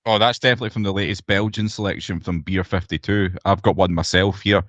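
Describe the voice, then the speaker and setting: Deep-voiced sweary Scottish man. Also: fast talker, no room sound. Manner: sweary, blunt, animated ranting. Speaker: podcast co-host. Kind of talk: casual chat.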